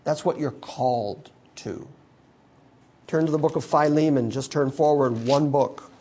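Middle-aged guy preaching, earnest, fairly high voice, slows way down and goes low on big points. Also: warm tone, slightly rough. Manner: earnest preaching, slowing and dropping low for emphasis. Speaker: pastor. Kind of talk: sermon.

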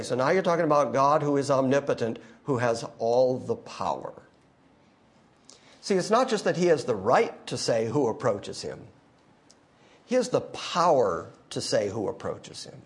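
A male pastor preaching a sermon, emphatic, moving between quiet asides and loud declarations. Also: fairly high pitch.

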